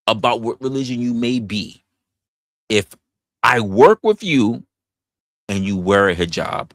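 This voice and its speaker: A young man hosts a casual, unscripted livestream chat, rambling along with plenty of stammering restarts and animated put-on quotes. His voice is mid-range and a little slow, with frequent pauses and no room sound.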